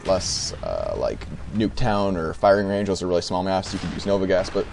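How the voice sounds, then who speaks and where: Hesitant young man with a low voice. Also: lively intonation, brisk, gravelly, a little mellow, slight background noise. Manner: hesitant, many fillers and restarts. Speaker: gamer giving commentary. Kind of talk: off-the-cuff gameplay commentary.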